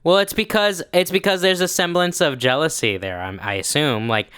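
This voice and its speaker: A man's voice: a little high, moderate pace, a bit bright, clear, resonant tone, no echo, clean studio sound. A man in casual podcast chat, sarcastic and arguing his points.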